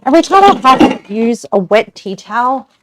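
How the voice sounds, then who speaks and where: A woman's voice: fairly high pitch, sing-song, normal speed, heavy background noise. An Australian woman streamer chatting casually with her viewers while cooking, giggly and rambling, often correcting herself.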